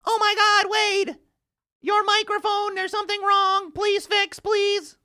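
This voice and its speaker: A man putting on a squeaky, whiny voice to mock a panicking livestream viewer begging him to fix his mic. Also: flat delivery, unhurried, bright, forceful tone, heavily acted. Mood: mocking panic. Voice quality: shrill, whining, pleading.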